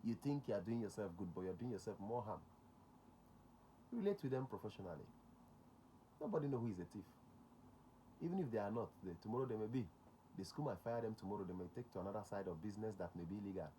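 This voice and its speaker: Fast-talking Nigerian man, emphatic. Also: fairly low pitch, lively intonation, dark tone, slight background noise. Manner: emphatic, repeats key points, slips into Pidgin. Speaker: security relations consultant, show host. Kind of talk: talk show monologue.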